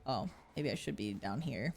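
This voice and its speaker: A woman streamer playing an online game, reacting excitedly and commenting aloud. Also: very deep voice, normal speed, vocal fry, faint music behind.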